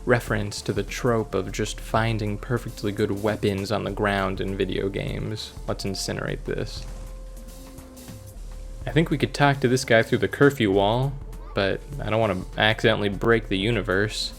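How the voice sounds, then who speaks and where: Speaking at a normal speed with fairly even intonation, a man with a low, creaky voice hosts a let's play. He jokes around, reads the game's text out loud, and keeps up a casual, playful commentary over faint game music.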